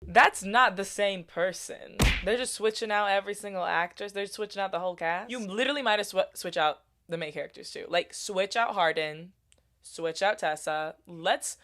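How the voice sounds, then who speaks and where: A woman's voice: mid-range voice, moderate pace, fairly bright tone. A young woman in her twenties giving a sarcastic, profane comedic reaction to a movie as a YouTuber. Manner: sarcastic, profane, bursts into shrieks.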